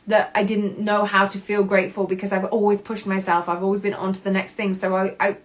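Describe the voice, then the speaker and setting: Candid, expressive woman podcaster. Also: mid-range voice, fairly quick. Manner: candid and expressive, swearing casually, acting out her own past reactions. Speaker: podcast host. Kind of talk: personal self-help podcast talk.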